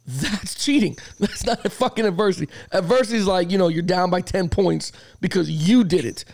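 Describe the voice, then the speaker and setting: Gravelly, animated man ranting. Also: high-pitched, moderate pace, no echo. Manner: animated storyteller, swears a lot, acts out arguments. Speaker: podcast host; youth football coach. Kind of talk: casual sports podcast chat.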